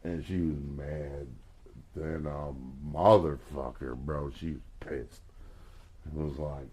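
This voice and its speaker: Very deep-voiced drunk man rambling. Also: fairly even intonation, slow pace, darkish tone, breathy edge. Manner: crude, swearing, slurred rambling. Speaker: livestreamer. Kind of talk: rambling casual chat.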